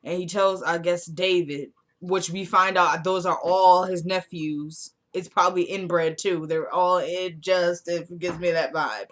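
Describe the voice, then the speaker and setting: A woman giving a casual, animated vlog recap of a TV episode, acting out the characters' lines in a frank, exclamatory way. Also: lowish voice, a little slow, hardly any pauses. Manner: animated storyteller who acts out quoted lines. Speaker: TV episode reviewer.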